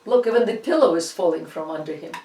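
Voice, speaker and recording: A woman's voice: on the low side, a little hiss or hum. A woman with a Russian accent, a native Russian speaker, giving an informal art history lecture with many fillers and restarts. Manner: halting, many fillers and restarts, animated asides. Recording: roomy echo, distant from the mic.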